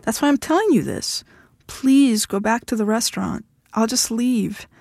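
A woman's voice: on the high side, normal speed, creaky, a little mellow, dry recording, clean studio sound. A woman voicing a tough, blunt woman who is fed up with her husband and speaks firmly. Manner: blunt, firm, impatient.

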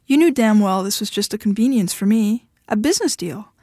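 A woman reading the part of a sharp, independent young woman who is curt and dismissive. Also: mid-range voice, expressive, a little fast, no echo, clean studio sound.

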